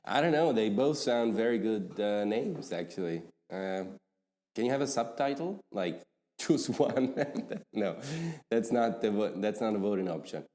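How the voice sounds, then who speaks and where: A man's voice: on the low side, expressive, a little slow, a little mellow, big-room sound. A man from Italy, a podcast guest, talking casually and hesitantly with frequent laughs. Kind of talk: casual academic conversation.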